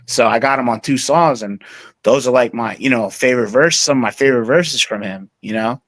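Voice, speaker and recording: Brief: casual male guest, medium pitch, loose rambling chat, dry close mic. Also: fairly quick, a bit bright, no room sound. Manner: rambling, many fillers and restarts. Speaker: interview guest, music producer.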